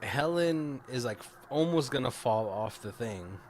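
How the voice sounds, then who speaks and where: A man's voice: medium pitch, expressive, unhurried, a loud crowd. A man co-hosting a podcast in casual chat, retelling film scenes with lots of laughter and acting out the lines. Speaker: podcast co-host.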